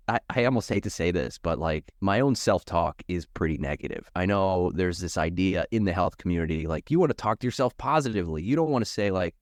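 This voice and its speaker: A man with a fairly low voice hosts a podcast, speaking earnestly and candidly in a loose, conversational way. The sound is dry and close, with no room echo. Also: expressive, fairly quick. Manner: earnest, candid, many fillers and restarts. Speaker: podcast host.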